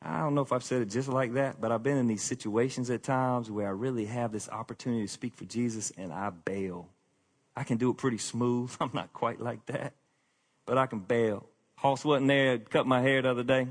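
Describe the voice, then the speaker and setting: A man preaching a conversational sermon to his congregation, candid and self-deprecating, often sinking into a quiet, confessional tone. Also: medium pitch, fairly even intonation, normal speed. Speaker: pastor.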